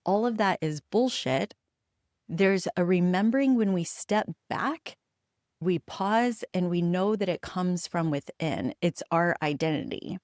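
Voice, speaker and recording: A woman from the United States talks alone into the mic, her voice sitting on the low side and recorded dry with almost no room sound. She tells stories candidly and reflectively, with pauses between thoughts. She swears without hesitation to drive her points home. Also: darkish tone, dry recording. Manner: candid and emphatic, swears freely; reflective storytelling with frequent pauses. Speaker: podcast host. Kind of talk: solo podcast monologue.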